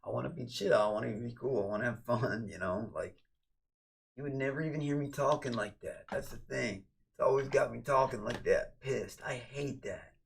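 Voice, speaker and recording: A man's voice: mid-range voice, normal speed, creaky, slight background noise. A man chatting casually on a livestream, rambling and ranting, cursing freely and thanking viewers.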